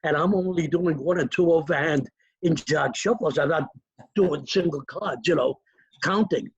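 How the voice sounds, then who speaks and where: A man's voice: a little high, breathy edge, no room sound, highs cut off. An older man, a magician being interviewed, telling stories from his past and acting out the people in them. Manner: animated, acts out quoted voices. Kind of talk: anecdotal storytelling.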